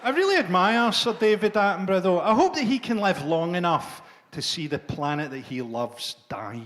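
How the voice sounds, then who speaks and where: A middle-aged man doing a dark, sardonic stand-up set, swearing freely. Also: high voice, very animated, normal speed, a little hiss or hum. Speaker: stand-up comedian.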